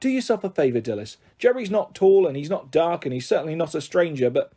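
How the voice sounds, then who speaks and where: A man's voice: fairly high pitch, lively intonation, quick pace, dark tone. A man voicing a self-centred middle-aged aunt who talks in a chatty, bossy and dismissive way.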